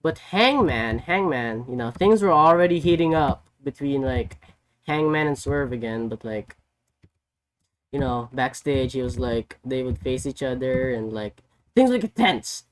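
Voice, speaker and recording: Slow, rambling, excitable male streamer. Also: mid-range voice. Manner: rambling, excitable storytelling full of "like" and "you know". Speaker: vtuber streamer. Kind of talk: casual chat.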